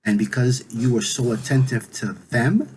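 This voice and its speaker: A stern, all-knowing god-king of legend, speaking slowly and firmly, as a man telling the story puts him on. The voice sits at an ordinary male pitch, with a faint hiss of noise behind it. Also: lightly acted, poor audio. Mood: solemn. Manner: stern, measured, then gentle.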